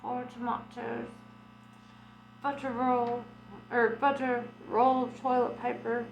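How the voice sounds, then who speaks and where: A woman's voice: a little high, flat delivery, a little slow, highs cut off, slight background noise. A young woman reading a novel aloud in a casual way, breaking off now and then to react to the story. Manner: chatty, breaks off to react and laugh. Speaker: audiobook reader.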